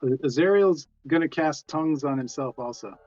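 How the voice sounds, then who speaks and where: A man's voice: on the high side, fairly quick, darkish tone, highs cut off, soft background music. Polite, stammering man at a game table. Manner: polite and hesitant, stammers in character. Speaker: player.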